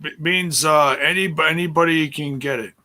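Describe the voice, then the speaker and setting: A man's voice: a little high, moderate pace, sharp tone. A man co-hosting a wrestling podcast in casual chat, joking around and slipping into silly voices. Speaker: podcast co-host.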